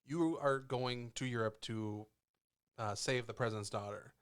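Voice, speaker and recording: Young male co-host, excitable and giggly, middle pitch, casual storyteller. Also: smooth. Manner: excitable, laughs often, storytelling with quick asides. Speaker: podcast co-host. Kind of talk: casual gaming podcast chat.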